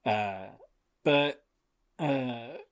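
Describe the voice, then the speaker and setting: A man's voice: mid-range voice, very slow. A young man co-hosting a podcast, recapping a story in a laid-back casual way with lots of filler words. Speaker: podcast co-host. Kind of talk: casual chat.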